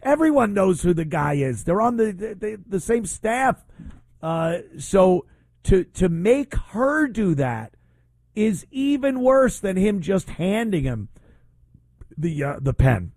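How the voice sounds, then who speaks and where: Male radio host, blunt, indignant, rambling; mellow, dry studio sound. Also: high-pitched, sing-song, takes it slowly, no room sound. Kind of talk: opinionated radio talk.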